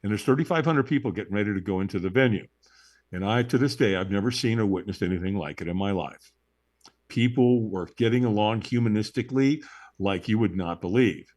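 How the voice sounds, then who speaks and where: Speaking a little fast in a voice on the low side, this interview guest is an animated storyteller who dramatizes events and acts out key moments. He keeps checking in with his listener using tags such as "right?".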